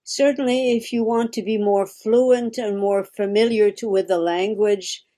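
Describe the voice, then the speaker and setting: A woman's voice: mid-range voice, steady tone, unhurried, mellow. Woman, thoughtful and searching. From Quebec. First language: French. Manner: reflective, searching for words, frequent restarts. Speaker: guest. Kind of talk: casual conversation.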